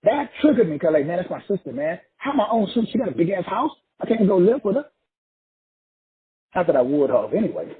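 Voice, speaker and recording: A man from Texas, working as a motivational speaker, delivers a profane, forceful monologue and keeps repeating phrases for effect. He talks fairly quickly in a high voice with big pitch swings and a breathy edge, and the recording sounds tinny, like a phone.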